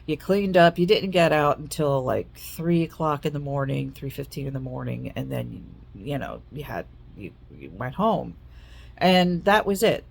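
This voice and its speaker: A woman's voice: very deep voice, animated, a little slow, vocal fry, slightly rough. A woman in her fifties telling a personal story in a rambling, repetitive way, often circling back over details.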